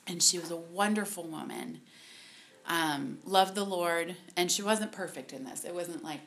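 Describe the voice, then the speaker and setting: Woman sharing a testimony at a ministry gathering; slow, halting delivery, bright tone, gets emotional. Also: on the low side, sing-song, vocal fry. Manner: halting, many ums, softly emotional. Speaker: speaker at a women's ministry talk. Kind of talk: personal testimony talk.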